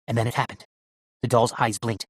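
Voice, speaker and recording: A man narrating an audiobook in an animated storytelling manner. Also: mid-range voice, brisk, slightly rough, no room sound.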